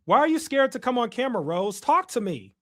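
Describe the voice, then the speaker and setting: Reading chat and playfully razzing his audience, a young Chicago man hosts a laid-back livestream. He speaks briskly in an extremely high, sing-song voice that is bright and forceful.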